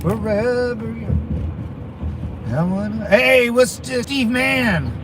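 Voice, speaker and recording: A man's voice: very high voice, slow, background noise. Rambling man chatting while he drives. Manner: rambling, with many restarts and crude asides. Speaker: channel host chatting with viewers. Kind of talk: casual livestream chat while driving. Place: inside a car, driving around town.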